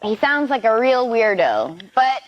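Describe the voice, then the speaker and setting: A female comedian with a slightly high voice who delivers shocking jokes sweetly and deadpan. The sound is a dull, lo-fi TV recording. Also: a little slow. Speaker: comedian panelist. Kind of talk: deadpan comic advice.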